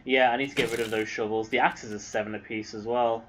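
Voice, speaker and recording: A man's voice: medium pitch, steady tone, quick pace, fairly bright tone, a little hiss or hum, poor audio. An English man giving rambling, casual commentary while streaming a video game, swearing now and then. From England.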